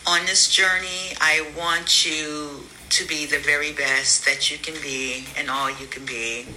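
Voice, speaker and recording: A woman speaking as a mother, giving a slow, earnest farewell message while holding back tears. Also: low voice, fairly even intonation, pushed and bright, slight background noise, poor audio. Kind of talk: heartfelt recorded message.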